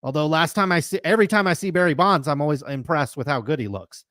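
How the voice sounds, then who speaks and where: A man with a slightly high, fairly bright voice talks fast while hosting a live sports card talk show. His casual, opinionated chat is emphatic and rambling, stacking up comparisons, and the studio-quality audio has no room sound.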